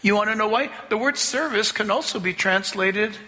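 A man preaching a sermon as pastor, animated, acting out voices to make his points. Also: high voice, normal speed. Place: church sanctuary. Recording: long hall reverb.

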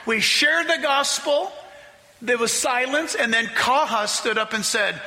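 A man preaching a sermon as pastor, telling a story with animated delivery that rises toward near-shouting at the climaxes. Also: very high-pitched, measured pace. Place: church sanctuary. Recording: hall reverb, faint ambience.

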